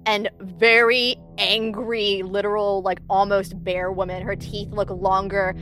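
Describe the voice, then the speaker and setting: A woman's voice: mid-range voice, level tone, unhurried, a bit bright. A woman playing a tabletop game who describes her character in a casual way. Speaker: player. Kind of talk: tabletop role-play.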